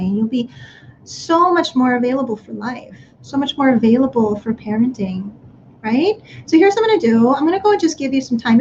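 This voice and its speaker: Woman, online parenting workshop, gentle coaching, mellow voice, faint background hiss. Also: high-pitched, muffled recording. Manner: gentle, coaching, guides breathing exercises. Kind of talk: live online workshop talk.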